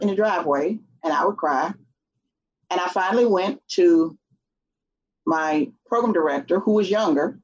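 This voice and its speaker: Husky middle-aged woman telling a story. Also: mid-range voice. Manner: animated, acts out quoted voices. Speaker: guest. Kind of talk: storytelling interview chat. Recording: dull lo-fi sound.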